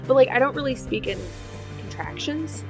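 Woman rambling casually on a game podcast, kinda high voice. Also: lively intonation, moderate pace, over music. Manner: rambling, hesitant. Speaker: podcast player. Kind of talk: casual chat.

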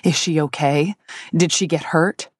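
A woman narrator voicing a reclusive, grieving man who speaks in a raspy, gruff, clipped way. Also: sits low, steady tone, unhurried, dry recording, clean studio sound. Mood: worried. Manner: growling, clipped and dismissive.

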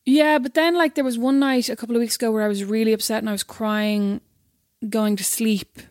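A woman's voice: a little high, steady tone, a little mellow, dry recording, clean studio sound. A woman in casual chat as co-host, with a teasing manner. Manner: quick, teasing.

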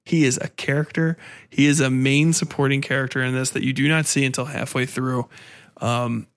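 A man's voice: medium pitch, flat delivery, moderate pace, fairly bright tone. A man hosting a podcast alone, ranting casually and animatedly, swearing often and restarting his sentences. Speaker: podcast host. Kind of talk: casual solo podcast rant.

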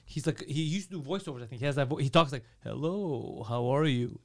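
A man's voice: on the high side, very fast. A man with a Quebec accent, co-hosting a casual comedy podcast, telling stories with lots of swearing and acted-out quotes. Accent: Canadian (Quebec). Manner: animated storytelling, acts out quotes, swears a lot. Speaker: podcast co-host. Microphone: studio headphones and mic.

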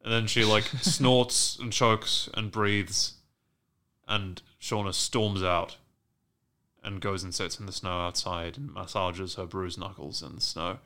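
A man hosting a podcast, recapping a TV episode in casual, profane chat and acting out the characters' lines with animated swings. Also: low-pitched, takes it slowly. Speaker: podcast host recapping a TV show.

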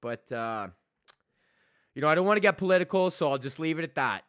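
A man imitating a drunk bar patron who talks in a halting, evasive drawl. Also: fairly high pitch, expressive, fairly bright tone.

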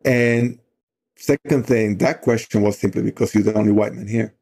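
Low, mellow-voiced man telling a story. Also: fairly even intonation, moderate pace, slightly rough. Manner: loose, many "you know" fillers. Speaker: youth outdoor program leader. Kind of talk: conversational storytelling.

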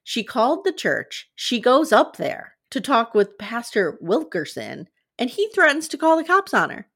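A woman's voice: a little high, big pitch swings, normal speed, a bit bright, breathy edge. A young adult woman co-hosting a podcast, earnestly retelling events step by step in casual chat. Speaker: podcast co-host.

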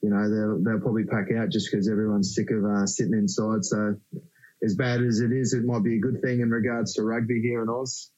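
A man's voice: lowish voice, level tone, a little fast, darkish tone. An Australian man as a podcast guest, rambling easygoing chat with frequent restarts. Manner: rambling, easygoing, laughs often. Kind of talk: casual interview chat. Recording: slightly dull lo-fi sound.

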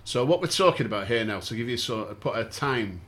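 A man hosting a podcast, walking listeners through events in a steady, explanatory casual chat. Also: mid-range voice, a little fast. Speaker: podcast host.

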